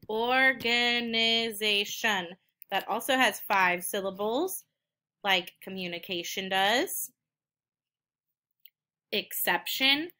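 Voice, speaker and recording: A woman teacher reading each word slowly and twice, then clapping out the syllables. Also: mid-range voice, bright, forceful tone. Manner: slow, deliberate, repeats each word twice. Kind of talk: slow word-by-word reading lesson.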